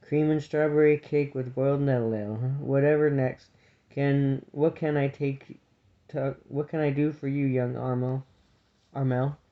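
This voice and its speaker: A man voicing a kindly elderly male abbot who speaks gently and patiently, on a dull lo-fi recording. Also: mid-range voice, steady tone, moderate pace, lightly acted. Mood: gentle. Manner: gentle, patient and soft-spoken.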